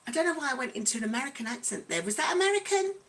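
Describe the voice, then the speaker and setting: A livestream host keeps things chatty and bubbly, calling out viewers by name and playfully breaking into song. Her voice is high-pitched and a bit bright, very animated, and she talks at a racing pace.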